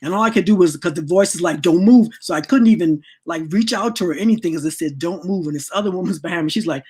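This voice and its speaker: A woman's voice: on the low side, very fast, darkish tone, breathy edge. A middle-aged woman telling a personal spiritual story in a rambling way, repeating words and acting out the voices she quotes. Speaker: speaker sharing a spiritual lesson.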